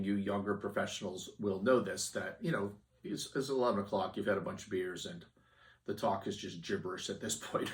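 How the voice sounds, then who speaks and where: Male podcast host, low voice, off-mic a bit, lively storyteller. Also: far from the mic. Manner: animated storyteller, loud when quoting others. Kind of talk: casual storytelling monologue.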